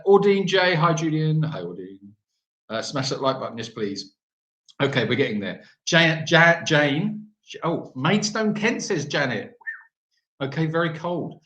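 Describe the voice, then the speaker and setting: A man's voice: on the high side, fairly bright tone, reverberant. Chatty man reading live chat. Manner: chatty, joking, reads out viewer messages.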